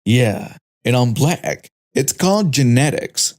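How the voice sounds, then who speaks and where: A man's voice: mid-range voice, expressive, slow, darkish tone. A man voicing a furious, protective mother confronting a stranger in a story reading. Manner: angry, confrontational.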